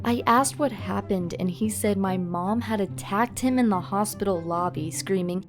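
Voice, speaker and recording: A woman narrating a scripted first-person story in an even, steady delivery. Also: medium pitch, normal speed, over music.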